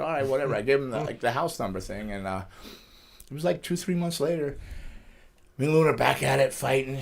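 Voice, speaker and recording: A middle-aged man speaks quickly in a studio interview. His pitch sits in the middle. He rambles through stories with many restarts. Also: gravelly. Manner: fast, rambling storytelling with frequent restarts and laughs. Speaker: guest, pro wrestler. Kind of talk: casual storytelling interview.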